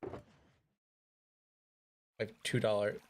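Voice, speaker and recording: A man's voice: slow pace, a little mellow, a little hiss or hum. A young man chatting casually on a live game stream, joking, rambling and swearing freely.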